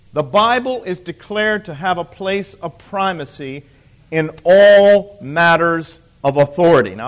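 Emphatic man lecturing a live class. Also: fairly high pitch. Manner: emphatic, repeats key points, asks the audience questions; dry teasing asides to listeners. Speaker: church history lecturer.

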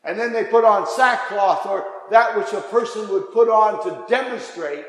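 Man preaching, high voice, impassioned, long hall echo. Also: normal speed. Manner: impassioned, swings from hushed to raised. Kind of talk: sermon. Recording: echoey hall.

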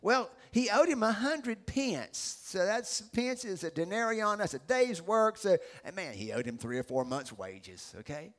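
A middle-aged pastor preaching a sermon, animated and acting out the characters he describes. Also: sits high, measured pace, few pauses. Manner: animated storytelling, acts out voices.

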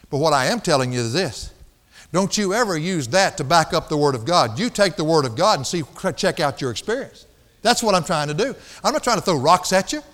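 A man's voice: high-pitched, a bit bright, long reverb tail. A man preaching a sermon, emphatic, drawing out key words and laughing at his own stories. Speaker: pastor. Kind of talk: expository sermon.

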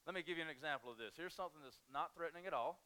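A male pastor preaching a sermon in a church, animated and humorous, and he repeats his key points for emphasis. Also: on the high side, racing. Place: church sanctuary.

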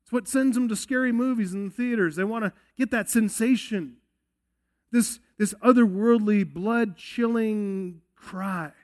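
A man's voice: high voice, a little slow. A male pastor preaching an expository sermon, earnest and emphatic, often asking rhetorical questions.

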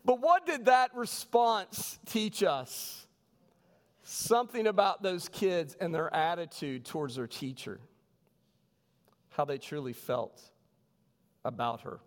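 A man, a pastor, preaching a sermon with animated storytelling. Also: high-pitched, takes it slowly, pauses often. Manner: animated storytelling, voices quoted people. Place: church sanctuary. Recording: long reverb of a church hall.

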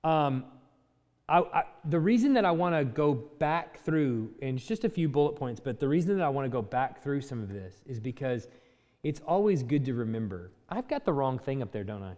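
A man's voice: medium pitch, very animated, normal speed, a little mellow. Man preaching in a reverberant hall. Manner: reads scripture aloud, then teaches in a loose conversational way. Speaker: pastor. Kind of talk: sermon.

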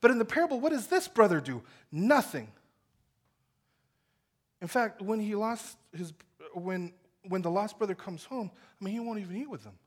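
A man preaching a sermon as pastor, with impassioned delivery that swings between loud calls and quiet, intimate stretches. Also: high voice, animated, normal speed.

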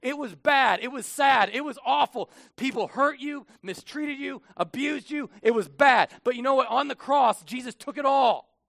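A male pastor giving a conversational sermon, animated, swinging from hushed asides to loud, emphatic bursts. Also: very high voice, moderate pace, gravelly, dry recording.

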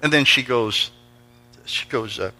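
A man's voice: medium pitch, measured pace, pushed and bright, soft background music, rough recording. A middle-aged man preaching a storytelling sermon in a church, energetically calling out to the congregation for responses. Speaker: pastor. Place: church sanctuary before a congregation.

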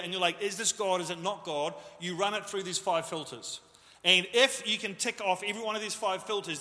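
Male pastor, casual jokey sermon delivery, high and bright, echoing church hall. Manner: jokey, self-deprecating, conversational. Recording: echoey hall reverb.

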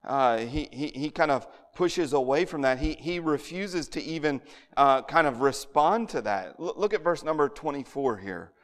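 A man's voice: on the high side, lively intonation, normal speed, big-room sound. A man preaching an expository sermon, earnest and often repeating words as he restarts a thought.

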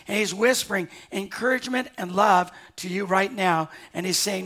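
An older man, a pastor delivering a sermon to a live congregation, moving between quiet, slowed passages and loud, urgent appeals. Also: high-pitched, steady tone. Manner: swings from hushed to loud and urgent.

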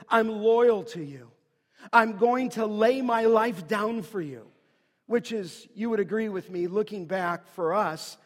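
A man preaching an earnest, emphatic sermon that builds to loud declarations. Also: high-pitched, big-room sound. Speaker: pastor.

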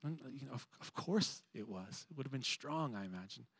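A man preaching a sermon, moving between animated emphasis and hushed, reflective passages. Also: mid-range voice, brisk, creaky, slightly rough, dry recording. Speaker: pastor.

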